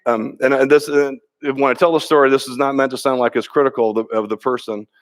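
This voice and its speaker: A man's voice: mid-range voice, steady tone, quick pace. Man preaching a conversational sermon. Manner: conversational preaching with frequent restarts and repeated words; tells stories with quoted dialogue. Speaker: pastor.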